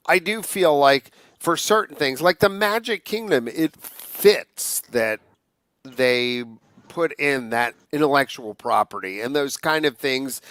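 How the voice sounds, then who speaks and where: A man's voice: a little high, sharp tone, no echo. A man hosting a podcast and chatting casually, steering the conversation between guests. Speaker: podcast host. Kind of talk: casual chat.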